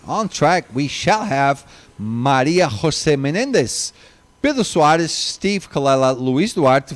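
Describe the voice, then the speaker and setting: A man commentating live kart races, reading long lists of drivers and chatting to viewers, running out of breath. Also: fairly high pitch. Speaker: race commentator.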